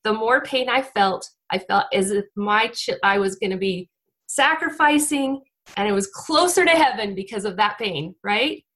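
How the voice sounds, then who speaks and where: A church speaker, a woman around her forties, gives a heartfelt devotional talk to her congregation, close to tears. Her mid-range, slightly bright voice is animated and moves at a moderate pace, with frequent restarts.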